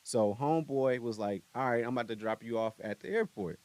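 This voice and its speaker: A man's voice: mid-range voice, a little fast, a little mellow, dry recording. A young man hosting a podcast in a studio, telling a story in a laid-back, rambling, slangy way with lots of asides. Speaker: podcast host. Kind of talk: casual commentary.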